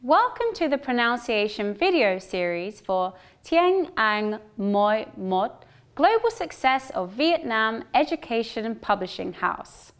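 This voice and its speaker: A woman teaching English pronunciation in a slow, carefully articulated, scripted narration. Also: a little high, very animated. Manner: slow, careful, clearly articulated, modeling example sentences.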